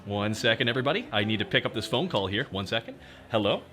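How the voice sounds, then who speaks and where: A man's voice: on the low side, expressive, very fast, pushed and bright. A man streaming live, chatting straight to his viewers and ranting with a lot of swearing over faint background music. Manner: ranting, profane, talks straight to chat. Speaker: VTuber streamer. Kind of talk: casual livestream chat.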